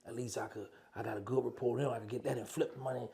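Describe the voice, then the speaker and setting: Gravelly man telling prison stories. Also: medium pitch, fast. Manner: animated, acts out phone calls in dialogue. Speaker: former prisoner telling his story. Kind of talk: casual storytelling.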